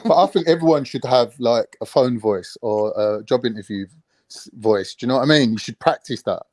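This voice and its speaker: A man's voice: medium pitch, fairly quick, a little mellow, no echo. A man, chatty and jokey, talking with friends on an online panel and slipping between slang and proper speech. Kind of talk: casual online panel chat.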